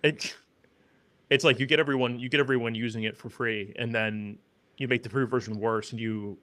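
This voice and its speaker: A man with a mid-range voice co-hosts a podcast. He explains things calmly and plainly. The sound is dry and close, with no room echo. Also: medium pitch, fairly quick. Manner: relaxed, matter-of-fact explaining. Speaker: podcast co-host. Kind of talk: casual explaining.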